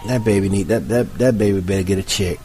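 A man hosting a casual call-in talk show, laid-back and quick to laugh. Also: lowish voice, over music. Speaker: podcast host taking calls.

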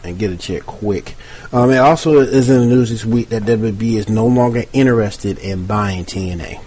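A man hosting a casual call-in talk show, laid-back and quick to laugh. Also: fairly low pitch, dark tone, breathy edge. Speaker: podcast host taking calls.

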